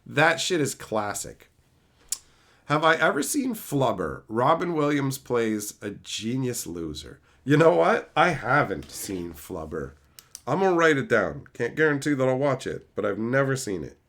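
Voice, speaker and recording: A man streams live and chats casually with his viewers, his voice swinging up and down a lot. The tone is bright and forward, and he rambles, curses freely and gets animated as he goes. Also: medium pitch, a little slow. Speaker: streamer answering chat.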